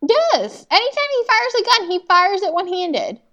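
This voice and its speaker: High, lively-voiced woman co-host. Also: normal speed, muffled recording. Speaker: podcast co-host. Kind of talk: casual chat.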